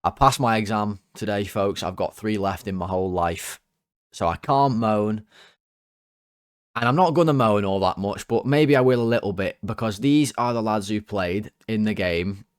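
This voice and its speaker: A young man hosting a football fan channel, ranting casually and swearing, his voice leaping high when he gets worked up. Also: moderate pace, clean tone, no echo, clean studio sound. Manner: exasperated, swears, jumps to high excited pitch when worked up.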